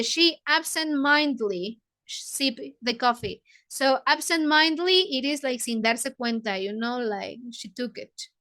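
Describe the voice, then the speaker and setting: Woman, book club leader, bright, high voice. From Mexico. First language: Spanish. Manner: paraphrases lines, glosses words in Spanish. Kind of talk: explaining a novel to English learners.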